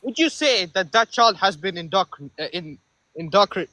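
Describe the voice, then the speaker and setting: High-pitched man caller, halting. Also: animated, pushed and bright, dry recording. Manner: halting, stumbling over words. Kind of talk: asking a question on a call-in Q&A.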